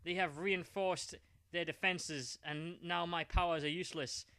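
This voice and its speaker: Man playing a brash superhero, dramatic and loud, bright. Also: on the high side, steady tone, a little slow, clear, resonant tone, no echo.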